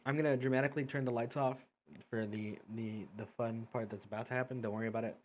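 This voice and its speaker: A man's voice: mid-range voice, fairly even intonation, fast talker, slight background noise. A man running a tabletop game as game master over a voice call, casually explaining rules and the map. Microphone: headset or desk mic on a voice call.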